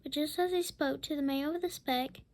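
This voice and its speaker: A woman's voice: high voice, fairly even intonation, normal speed, darkish tone. A woman reading a rhyming picture book aloud, with whispered asides. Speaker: storybook reader.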